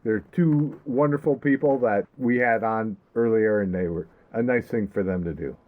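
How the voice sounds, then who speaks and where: A man's voice: lowish voice, normal speed. A man co-hosting a casual podcast, laid-back and mostly giving short agreeing replies. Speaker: podcast co-host. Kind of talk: casual chat. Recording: tinny phone-like line.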